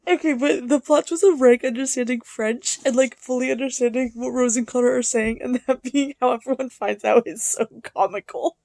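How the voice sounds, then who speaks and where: A young woman vlogging about her reading, her high voice bouncing between quiet musing and excited bursts, with plenty of fillers. The sound is dry and close, with no room around it. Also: moderate pace, hardly any pauses, dry recording. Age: young adult. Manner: chatty, excitable, filler-heavy, swings between hushed and loud. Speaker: book vlogger. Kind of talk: casual reading vlog chat.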